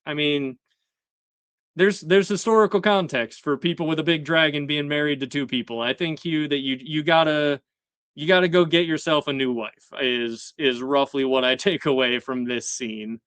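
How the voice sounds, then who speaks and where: A young man chatting casually on a live stream, his voice smooth and clear and a little high for a man. The sound is dry and close, with no room heard, and he keeps laughing and putting on quick voices for characters. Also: no room sound. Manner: animated, laughing, acts out characters' lines. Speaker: host.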